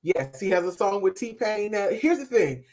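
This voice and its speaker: A woman co-hosting a podcast, giving a casual, emphatic music review that trails off softly at the ends of thoughts. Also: mid-range voice, sing-song, moderate pace. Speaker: podcast co-host.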